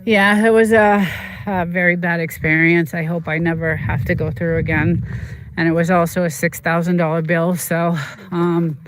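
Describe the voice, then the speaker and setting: A livestream host in casual chat who tells rambling, halting stories full of fillers and answers chat comments. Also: medium pitch, level tone, a bit bright. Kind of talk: casual chat while streaming a game.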